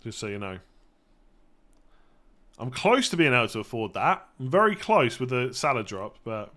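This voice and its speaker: Bright-voiced chatty man. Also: medium pitch, very animated, normal speed, pauses often. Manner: chatty, self-correcting, clears throat often. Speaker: fantasy football streamer. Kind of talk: casual live-stream Q&A.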